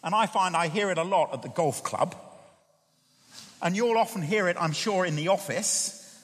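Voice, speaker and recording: A man preaching a sermon, reading scripture aloud with emphatic, animated delivery. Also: high-pitched, normal speed. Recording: long hall reverb.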